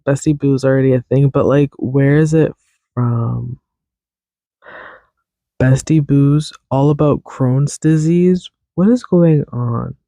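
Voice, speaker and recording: A man's voice: mid-range voice, slow pace, gravelly, warm tone, no room sound. A man hosting a podcast alone, rambling in a chatty, self-teasing way. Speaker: podcast host. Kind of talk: casual solo podcast chat.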